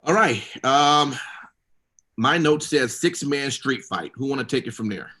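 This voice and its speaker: A man's voice: mid-range voice, animated, a little slow, bright, forceful tone. A man hosting a podcast, casually recapping wrestling shows with lots of fillers. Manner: rambling, many fillers. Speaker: podcast host.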